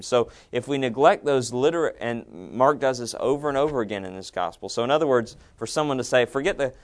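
A middle-aged man teaching a seminary class in a conversational, animated lecture, often acting out quotes. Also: mid-range voice.

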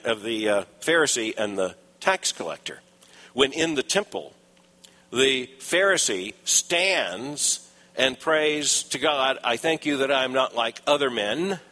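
A man preaching an expository sermon in an emphatic way, rising for stressed points and dropping low for asides. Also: sharp tone. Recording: long reverb of a large hall.

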